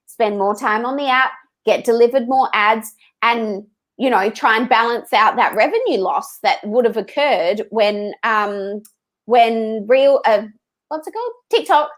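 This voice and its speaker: A woman, a podcast guest explaining Instagram marketing in a lively, emphatic way. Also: a little high, measured pace. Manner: lively, emphatic, acts out quoted thoughts. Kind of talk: casual interview answers.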